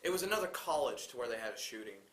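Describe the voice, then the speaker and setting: A man's voice: medium pitch, very animated, rapid-fire, fairly bright tone, echoey room. A young man co-hosting a college talk show, hesitant and self-correcting as he explains. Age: young adult. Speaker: co-host. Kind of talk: casual talk-show commentary.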